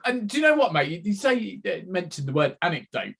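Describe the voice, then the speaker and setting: A man's voice: high-pitched, very animated, fast, creaky, fairly bright tone, husky. A man co-hosting a podcast, teasing and chatty, with many fillers. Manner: friendly, teasing, hesitant with fillers. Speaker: podcast co-host. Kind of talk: casual podcast chat.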